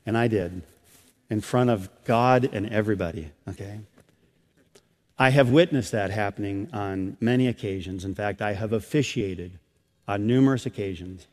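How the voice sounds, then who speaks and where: A middle-aged man preaching a sermon as a pastor. He swells loud and high on key phrases, then drops soft and slow. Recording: long reverb of a hall.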